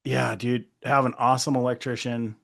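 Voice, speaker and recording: A man co-hosting a podcast in casual chat, animated, laughing often and acting out remarks. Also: medium pitch, moderate pace, creaky. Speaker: podcast co-host.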